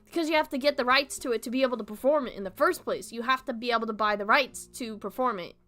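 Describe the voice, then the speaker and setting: A woman's voice: a little high, fast, sharp tone, faint music behind. A young adult woman streaming a casual chat, talking animatedly with heavy swearing and frequent laughter.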